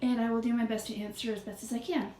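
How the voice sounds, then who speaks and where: A woman's voice: fairly high pitch, little pitch movement, fast talker, mellow. A woman chatting to her viewers in a bubbly, jokey way while out of breath, filming her bedroom on a handheld phone. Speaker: vlogger. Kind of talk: casual chat to viewers. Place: bedroom indoors. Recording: echoey room, faint ambient noise.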